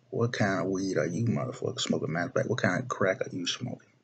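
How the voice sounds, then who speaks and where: With slight background noise behind him, a young video blogger fires off a political rant to camera in a low, gravelly voice, talking fast. He's blunt and profane, frequently circling back to repeat himself and restart phrases.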